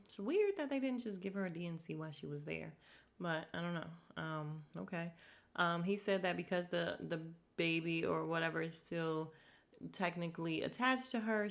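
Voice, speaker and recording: A woman's voice: on the low side, fairly bright tone. A woman hosts a casual podcast recap, talking straight to her listeners. She is blunt and opinionated, and she keeps slipping in sarcastic asides and exasperated remarks. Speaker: podcast host recapping a TV show. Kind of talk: casual chat.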